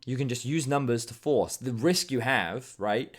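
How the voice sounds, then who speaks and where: A man reviewing a video game match as an esports analyst, explaining plays in a casual way. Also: mid-range voice. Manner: explanatory, casual, breaks into quick impressions.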